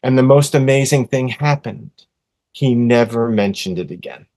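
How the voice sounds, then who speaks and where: A man's voice: mid-range voice, normal speed. Earnest sixties man telling a story. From USA. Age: 60s. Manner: earnest, animated storyteller, drops to a soft hush when quoting comforting words. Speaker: podcast guest. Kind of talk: casual storytelling in an interview.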